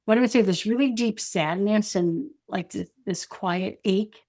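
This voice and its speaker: A woman speaking as an interview guest, telling a personal story in a reflective, halting way with many "you know" and "like" fillers. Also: mid-range voice, darkish tone. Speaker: intuitive guide and energy advisor, guest.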